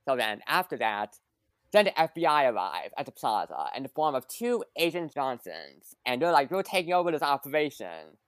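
Lady recapping a movie on a podcast, super lively up and down voice, dry sound. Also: rumbling low, normal speed, no echo. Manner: animated, recaps plot with quoted asides. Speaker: podcast guest.

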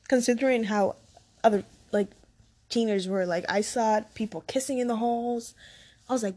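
Young woman from the Dominican Republic, fairly high voice, casual and rambling storyteller. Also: unhurried, long pauses, dark tone. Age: young adult. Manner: rambling, sidetracked, laughs often. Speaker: vlogger.

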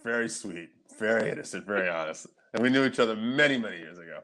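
Animated man telling a story. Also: fairly low pitch, fast. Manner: storytelling, animated, laughs a lot, swears. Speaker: podcast co-host. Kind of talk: casual chat.

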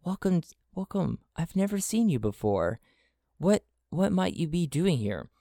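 A man's voice: fairly high pitch, big pitch swings, measured pace, gravelly, no room sound, studio quality, pitched above the performer's own voice, exaggerated voice. A man doing a friendly local stranger. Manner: warm, welcoming, drops in Spanish greetings. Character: friendly male local greeting a newcomer.

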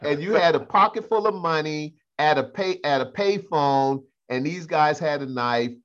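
A man's voice: a little high, normal speed, a bit bright, lo-fi sound. A male host chats casually, teasing his guest with incredulous remarks. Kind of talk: casual chat.

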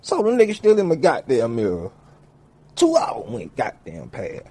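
Medium-pitched with a breathy edge, a man speaks at normal speed while telling a comedic story full of profanity. He acts out each character with animated energy.

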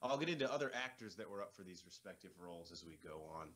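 A man's voice: low voice, lively intonation, fast talker, a bit bright. A man in his thirties co-hosting a movie commentary podcast, dry and wisecracking as he shares trivia. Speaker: podcast co-host. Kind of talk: casual movie commentary chat.

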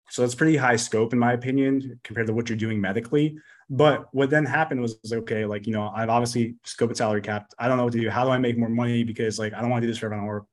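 A man who is a podcast guest, talking casually in a rambling, blunt way, full of fillers and swearing. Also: mid-range voice. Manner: rapid, rambling, full of "like" and "you know". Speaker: podcast guest, business coach. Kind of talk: casual interview chat.

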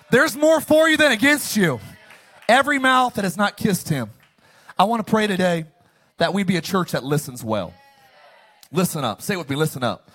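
His voice sitting high, this preacher gives a lively sermon that rises to loud peaks and drops to near whispers, calling on the congregation to answer him.

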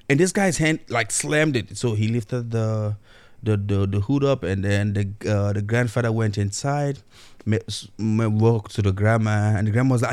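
Male storyteller, lowish voice, dry close sound, chatty and animated. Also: unhurried, no echo. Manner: animated retelling, acts out quoted voices, frequent "you know". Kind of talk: casual storytelling monologue.

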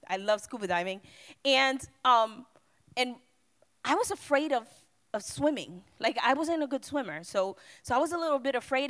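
A middle-aged woman pastor preaching a sermon, swinging from loud cries to hushed, quiet appeals. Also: high voice.

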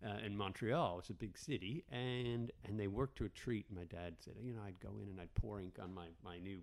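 A man from Canada talks as a comedian guest on a podcast. His voice sits a little low, and he tells his stories in a loose, rambling way, often restarting his sentences. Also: fairly quick. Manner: rambling, animated storyteller with frequent restarts. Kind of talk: casual podcast storytelling.

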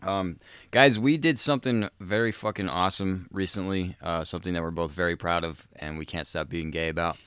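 A man's voice: sits low, a little fast, sharp tone, smooth, no echo, clean studio sound. A man hosting a podcast with a crude, rambling comedic monologue, swearing a lot and laughing in the middle of sentences. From South Dakota. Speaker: podcast host.

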